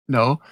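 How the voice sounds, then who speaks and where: A man's voice: fairly bright tone, no echo. A young man co-hosting a podcast, telling crude stories in a rambling, laughing way. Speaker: podcast co-host. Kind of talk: casual chat.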